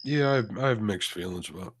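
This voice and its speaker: A man's voice: lowish voice, expressive, fast, background noise. Easygoing man reading chat comments. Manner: easygoing, reads viewer comments, chuckles. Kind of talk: casual chat while fishing.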